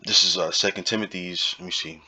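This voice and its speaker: Speaking briskly in a low-pitched, slightly rough voice with a sharp tone and fairly even intonation, a man leads an informal Bible lesson. He hammers his points home through repetition and keeps asking "right?".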